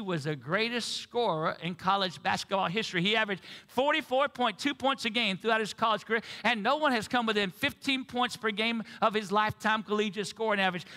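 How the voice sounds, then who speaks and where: Brief: high-pitched male pastor, preaching in a big echoing sanctuary. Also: bright, forceful tone. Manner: preaching, prompts the congregation to repeat phrases. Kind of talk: sermon. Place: church sanctuary. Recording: reverberant church sanctuary.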